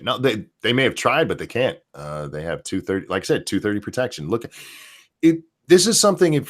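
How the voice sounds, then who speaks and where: A man hosting a podcast, talking in a casual, profane, rambling way about the news. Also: mid-range voice. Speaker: podcast host. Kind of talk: casual opinion chat.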